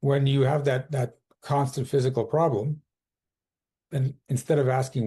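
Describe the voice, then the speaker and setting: Male coach, podcast guest; mellow, slightly husky tone, emphatic and explanatory. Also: mid-range voice, little pitch movement, a little slow. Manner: emphatic, explains with quoted inner dialogue. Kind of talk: conversational podcast interview.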